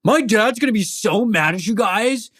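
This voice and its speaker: Dude doing a bratty young prisoner, higher voice, whiny. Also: male voice, expressive, normal speed, a bit bright, breathy edge, heavily acted. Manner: whiny, entitled. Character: petulant young male prisoner.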